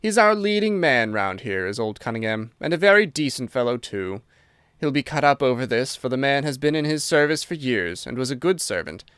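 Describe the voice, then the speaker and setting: A man voicing a hearty old military colonel who talks in a brisk, forthright way. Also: mid-range voice, sing-song, a bit bright, smooth, no echo, studio quality.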